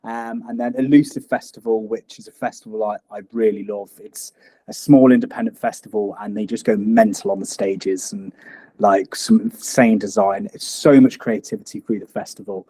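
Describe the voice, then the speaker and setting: A man's voice: on the low side, moderate pace, breathy edge. A man guesting as a DJ on a casual interview, rambling easily with filler words. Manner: relaxed, rambling, laughs easily.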